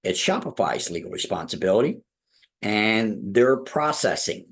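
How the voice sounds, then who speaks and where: A man's voice: lowish voice, animated, normal speed. A man teaching a live online business class, folksy and repetitive, asking "all right?" often. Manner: folksy, repeats "all right?" and "ladies and gentlemen". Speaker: real estate school instructor. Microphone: video call.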